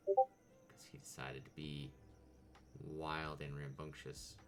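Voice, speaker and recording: A man streaming while he draws, chatting casually with viewers and coaxing his pet cat in a relaxed, soothing way. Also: very deep voice, slow, faint music behind. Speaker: VTuber streamer drawing on stream.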